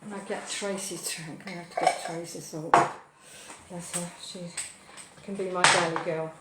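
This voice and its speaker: A British woman hosting a live cooking show from her kitchen, rambling cheerfully with cheeky asides and loud whoops. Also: fairly low pitch, fairly even intonation, moderate pace, heavy background noise. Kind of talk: chatty live cooking stream. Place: home kitchen. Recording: echoey kitchen with clattering dishes.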